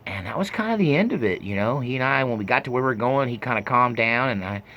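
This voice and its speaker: A man's voice: medium pitch, animated, fast, highs cut off. Rambling, self-mocking man in his fifties. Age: 50s. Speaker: storyteller. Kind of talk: personal storytelling.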